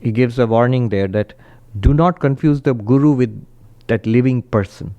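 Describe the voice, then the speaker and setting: Mellow-voiced monk telling stories. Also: male voice, normal speed. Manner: animated storyteller, raises pitch when quoting, laughs often. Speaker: monk giving a spiritual talk. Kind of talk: spiritual talk with storytelling.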